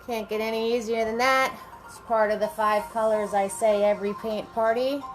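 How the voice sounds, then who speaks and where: A woman's voice: fairly high pitch, steady tone, moderate pace, rough recording. A woman hosting a live painting class, chatting with viewers and greeting them by name as she works. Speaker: paint party instructor. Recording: faint music behind.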